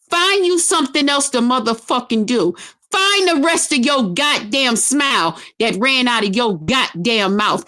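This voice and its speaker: A middle-aged woman vlogger in a loud, profane on-camera rant, taunting and emphatic. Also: on the high side.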